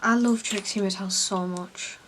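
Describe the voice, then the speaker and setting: A woman's voice: medium pitch, fairly even intonation, unhurried, slight background noise. A young English woman vlogging at home, chatting casually and self-deprecatingly while doing her makeup. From England. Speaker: beauty vlogger.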